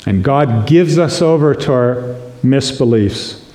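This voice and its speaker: A man preaching a sermon as pastor, slow and earnest, acting out prayers in quotes. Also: medium pitch, dark tone. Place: church sanctuary. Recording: echoey church room.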